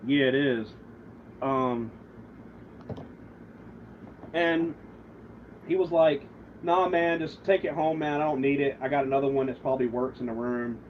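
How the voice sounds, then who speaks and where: A man's voice: medium pitch, measured pace, pauses often. A man on a livestream telling a grudge story in a profane, aggrieved, rambling way, quoting both sides of the argument. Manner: rambling, with many restarts and quoted back-and-forth. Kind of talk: casual livestream rant. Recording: muffled lo-fi stream audio, faint background noise.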